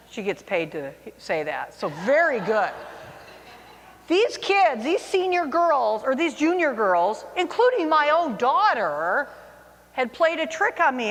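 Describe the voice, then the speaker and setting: A woman in her forties tells a self-mocking personal story to an audience, her higher voice swooping with lively pitch. She sounds like a teacher who loves a good anecdote. The sound rings with a long hall reverb.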